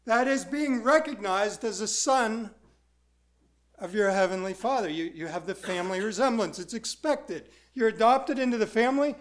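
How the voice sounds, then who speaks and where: High-voiced man preaching a sermon. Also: normal speed. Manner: conversational, asks the congregation questions. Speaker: pastor.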